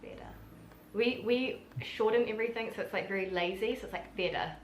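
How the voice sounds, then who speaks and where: A woman teacher chatting casually in a played video clip, lively and full of "like" fillers. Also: a little high, fast talker. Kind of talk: casual chat about accents. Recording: roomy clip with faint noise.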